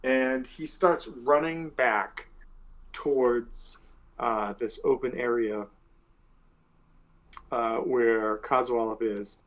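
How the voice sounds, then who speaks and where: A man's voice: medium pitch, slow, long pauses, fairly bright tone, poor audio. A man narrating a tabletop game as game master, rambling and searching for words.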